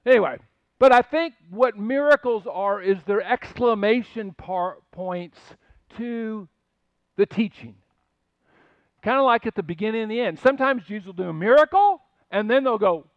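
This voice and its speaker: Older male pastor, high voice, chatty sermon with asides; dry, slightly dull recording. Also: lively intonation, fast talker, dry recording. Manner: conversational storytelling with asides and rhetorical questions.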